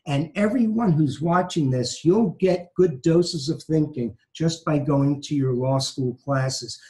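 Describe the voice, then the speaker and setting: A man's voice: a little high, darkish tone, poor audio. A man from New York with a light Brooklyn accent, a law professor giving emphatic advice and repeating his key phrases. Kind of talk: conversational advice talk.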